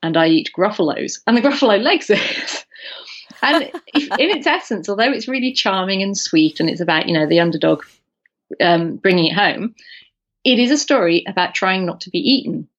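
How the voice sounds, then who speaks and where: A woman's voice: mid-range voice, normal speed, muffled recording. A woman co-hosting a podcast, chatting casually and telling stories with lots of ums and restarts. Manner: animated storyteller, many ums and restarts. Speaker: podcast co-host. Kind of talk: casual chat.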